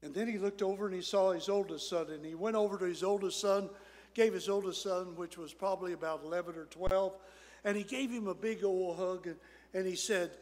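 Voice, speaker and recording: A pastor preaches in a high-pitched voice, spinning a folksy story and letting his voice drop low and soft at its tender moments. His words ring out with long reverb in the church sanctuary. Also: fairly quick. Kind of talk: sermon with storytelling.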